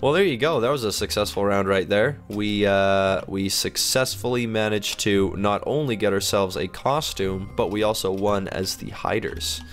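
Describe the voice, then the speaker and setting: A man's voice: normal speed, hardly any pauses, faint music behind. A man in his twenties gives playful gameplay commentary, sick and yawning, his voice jumping up when he gets alarmed. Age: 20s. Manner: excitable, pitch jumps up when alarmed. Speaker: gaming video host.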